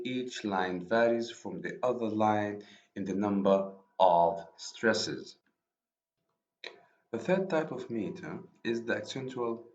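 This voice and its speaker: A man whose first language is Arabic, giving a university lecture on poetry in English, explaining slowly and rephrasing himself often. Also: on the low side, a little hiss or hum. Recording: echoey room, dull lo-fi sound.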